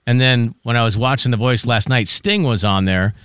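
A man co-hosts a casual morning radio show, joking and telling stories as he runs through entertainment news. His medium-pitched voice is smooth and a bit bright at a normal speed, captured dry and clean on a studio mic.

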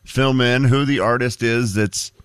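A man co-hosting a morning radio show in relaxed, agreeable banter. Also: mid-range voice, measured pace, smooth, no echo, clean studio sound. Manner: easygoing, agreeable. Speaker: radio co-host. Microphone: studio mic.

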